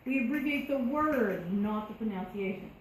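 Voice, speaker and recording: Here the math teacher sounds animated, her pitch fairly high and her speed normal as she runs the lesson and quizzes the class in a conversational way. Faint noise and echo fill the classroom.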